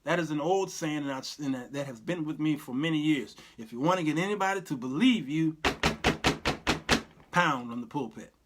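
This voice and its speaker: A middle-aged man hosts his own livestream, his voice sitting a little high. He speaks straight to his viewers in an animated, casual way and sometimes drops to a low mumble. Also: moderate pace, a little hiss or hum. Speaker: show host.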